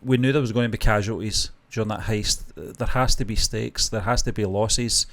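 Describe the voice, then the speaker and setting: A man's voice: lowish voice, steady tone, normal speed, fairly bright tone. A man co-hosting a casual TV reaction chat, rambling and hesitant with frequent restarts. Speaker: co-host.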